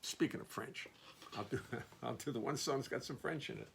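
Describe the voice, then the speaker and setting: A man who sings and plays bass, chatting casually between songs in his studio in a rambling, wry, self-mocking way. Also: a little fast, gravelly, noisy background. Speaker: singer and bassist. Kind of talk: casual between-song chat at a live stream. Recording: loud bass under the voice. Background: his own double bass playing.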